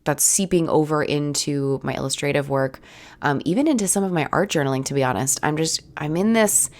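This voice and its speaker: A young woman with a head cold and a raspy voice, chatting casually in a rambling voiceover for her art video. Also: sits low, a little fast. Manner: rambling, casual, many "like"s and restarts. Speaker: art channel host.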